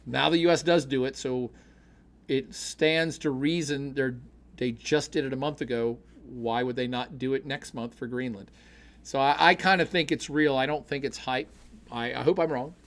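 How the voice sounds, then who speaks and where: Middle-aged guy hosting a live podcast, reads chat out loud, goes from loud and excited to low mutters, jokey. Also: normal speed. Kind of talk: casual livestream chat.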